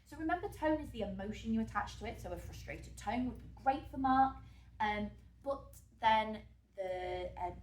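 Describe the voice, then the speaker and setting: A woman's voice: medium pitch, recorded from a distance. A woman drama teacher giving an exam revision lesson, chatty and full of fillers, who checks in with her class. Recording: echoey room, voice off-mic.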